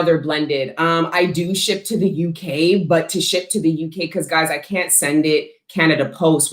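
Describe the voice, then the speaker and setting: A woman hosting a casual livestream, chatting bluntly with viewers and answering their questions, swearing freely and talking with animated emphasis. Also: deep voice, echoey room. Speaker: host selling frankincense to viewers.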